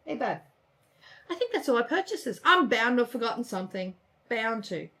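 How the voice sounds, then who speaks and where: A woman's voice: on the high side, big pitch swings, normal speed, pushed and bright. A woman co-hosting a casual crafting chat, gushing and chatty, often trailing off mid-sentence. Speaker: co-host of a cross-stitch channel.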